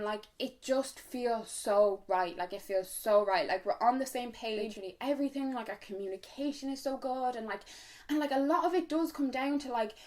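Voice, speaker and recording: A woman in her twenties with an Irish accent, telling a casual story-time vlog in a chatty, frank way, full of fillers and swearing. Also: a little high. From Ireland. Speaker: vlogger.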